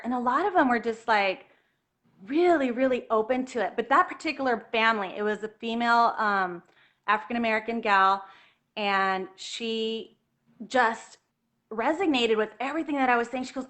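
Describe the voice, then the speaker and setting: A woman telling a personal story in an earnest, animated way, at times close to tears. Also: fairly high pitch, normal speed. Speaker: guest telling her story.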